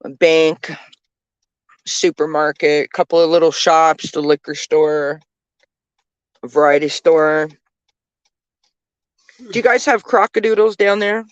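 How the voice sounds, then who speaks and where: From the passenger seat of a moving car, a woman from Canada who vlogs and reads tarot keeps up casual, filler-packed commentary. Her low, clean-toned voice is slow with frequent pauses, and the recording is dry and muffled.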